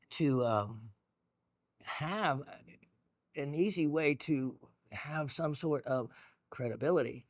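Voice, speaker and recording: Man, gemstone show host, casual explaining, rambling with ums and restarts, mid-pitched voice, dry close sound. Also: dry recording. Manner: rambling, full of fillers and restarts; chatty and encouraging. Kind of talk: casual educational talk.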